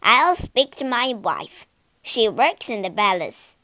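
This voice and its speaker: A woman voicing a talkative male crow who croaks "caw" as he speaks, in a slow, lively storybook reading. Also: fairly high pitch, no echo, studio quality, heavily acted. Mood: chatty.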